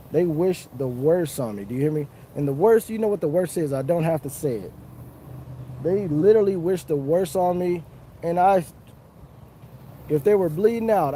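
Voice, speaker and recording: High-voiced man chatting on a livestream. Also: warm tone, a little hiss or hum. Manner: chatty, repetitive, earnest, chuckling. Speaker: fishing livestreamer. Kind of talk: casual live-stream chat. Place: outdoors under a tree.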